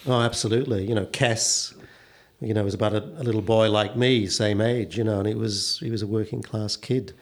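A man's voice: on the low side, steady tone, fairly quick. An older man from England recalling his youth in casual conversation, full of "you know" fillers.

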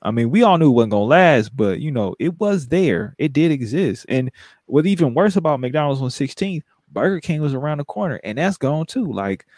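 A man's voice: a little high, sing-song, normal speed, darkish tone, clean studio sound. Guy cracking jokes in slang, casual chat, no room echo. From San Francisco. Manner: joking, slangy storyteller.

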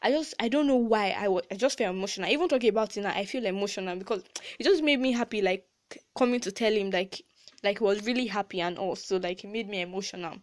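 A woman's voice: medium pitch, fast. Teenage girl, Nigerian accent, podcast host, casual chat, chatty and heartfelt, lots of fillers. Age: teens. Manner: chatty and emotional, frequent "like" fillers and laughs.

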